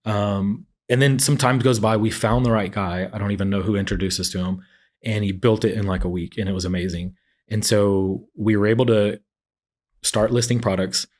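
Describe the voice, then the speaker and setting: A man in his forties, an entrepreneur telling his story in a casual interview and acting out what others said. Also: fairly low pitch. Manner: storytelling, acts out quotes of others. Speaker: entrepreneur guest.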